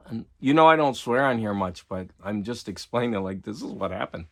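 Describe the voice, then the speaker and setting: A man's voice: lowish voice, moderate pace, gravelly, few pauses. A middle-aged man, a teacher and collector, talking to camera in a loose, rambling monologue full of "like" and restarts. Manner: rambling, repeats himself, filler-heavy with "like".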